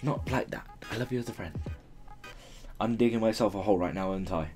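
A man's voice: fairly low pitch, fast, soft background music. A young man answering viewer questions in a casual vlog at his mother's home, rambling and joking, swearing and laughing often. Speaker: YouTuber.

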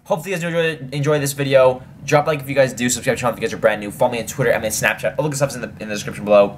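A young man hosting a reaction video, talking casually, excitably and with frequent swearing. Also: on the low side, a little hiss or hum.

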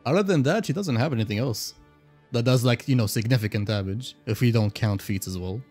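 A man streaming a game live, chatting casually with viewers, excitable and swearing freely. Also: mid-range voice, brisk, soft background music.

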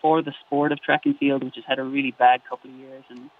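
Irish man, phone-line sound, flat delivery, chatty, self-deprecating guest. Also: mid-range voice, fast talker. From Ireland. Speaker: guest commentator. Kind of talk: phone interview. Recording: tinny dry phone line.

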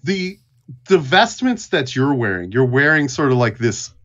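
A man narrating as game master of a tabletop game, halting with frequent restarts. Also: medium pitch, sing-song, a bit bright. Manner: halting, many restarts and fillers. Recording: dull lo-fi audio.

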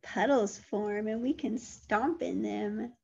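A woman teacher reading a picture book aloud to toddlers, gentle and full of questions, with animated sound effects. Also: medium pitch, slow, vocal fry, breathy edge, muffled recording. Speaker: early childhood teacher.

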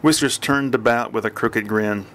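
A man narrates an audiobook, reading the scene in a dry, even storytelling voice. His delivery is scripted and steady. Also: medium pitch, normal speed, slight background noise.

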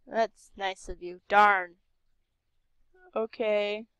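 A woman's voice: mid-range voice, expressive, a little slow, fairly bright tone, no room sound. A young woman commenting casually as she plays a game, chatty and sarcastic, talking to herself. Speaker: game streamer.

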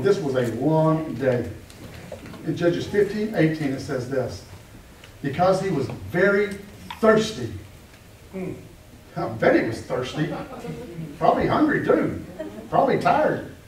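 Male pastor, high-ish voice, emphatic sermon delivery, roomy church sound. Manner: emphatic, repetitive preaching with rhetorical questions. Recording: echoey room, heard from a distance.

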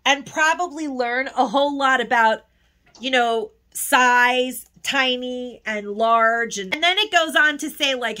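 A woman's voice: a little high, pushed and bright. A woman chatting casually in a haul video, gushing and emotional, sometimes close to tears. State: tearful at times. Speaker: haul vlogger.

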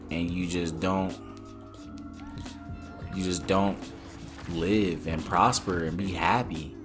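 A young man commenting on a game pack opening, rambling and joking, with slang and exasperated outbursts. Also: deep voice. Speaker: gaming YouTuber.

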